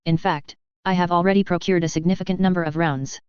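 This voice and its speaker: A woman's voice: on the low side, fairly even intonation, fast, clean tone, no room sound, highs cut off, natural voice. A woman voicing a posh, polite female hamster seamstress with formal phrasing. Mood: poised.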